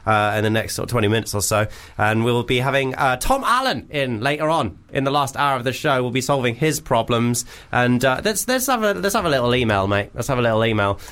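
A man's voice: mid-range voice, sing-song, brisk, few pauses, a bit bright, smooth. A man co-hosting a comedy radio show, bantering and laughing easily. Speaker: radio co-host.

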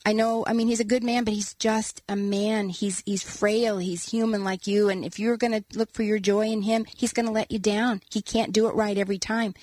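A woman, an author and guest, telling a personal story in an earnest, animated way and acting out quotes as she talks. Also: mid-range voice, brisk, hardly any pauses, no echo. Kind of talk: casual storytelling conversation.

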